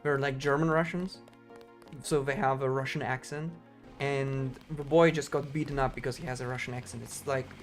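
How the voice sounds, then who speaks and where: A man's voice: medium pitch, steady tone, normal speed. A male streamer chatting casually while speedrunning a game, rambling with many fillers and restarts. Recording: voice over game music.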